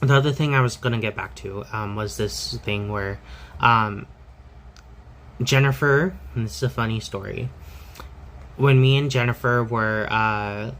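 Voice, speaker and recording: A man's voice: medium pitch, unhurried, fairly bright tone, low-quality recording. A man telling a personal story in a candid, rambling way, full of fillers and restarts.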